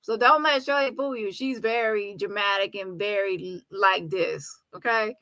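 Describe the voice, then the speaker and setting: A woman's voice: medium pitch, normal speed, sharp tone, no room sound, low-quality recording. A woman hosting a commentary channel, reacting to clips in an emphatic way and stretching out words to stress them.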